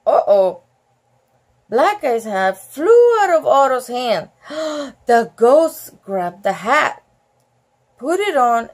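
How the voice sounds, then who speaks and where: A woman's voice: on the high side, creaky, darkish tone. A woman reading a picture book aloud with chatty asides, giggly and easily amused. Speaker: storybook reader.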